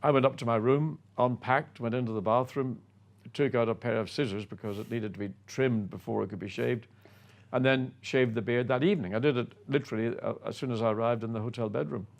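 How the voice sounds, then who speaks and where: An older man with a gravelly, fry-tinged voice at an average pitch tells stories of his racing days. He is self-effacing and unhurried, speaking as a guest looking back. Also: fairly even intonation. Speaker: guest, former racing driver. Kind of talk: reminiscing anecdote.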